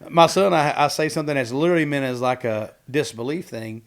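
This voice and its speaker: Animated storytelling man on a podcast. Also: mid-range voice, brisk. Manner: animated storyteller who acts out quotes. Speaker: podcast co-host. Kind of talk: casual podcast conversation.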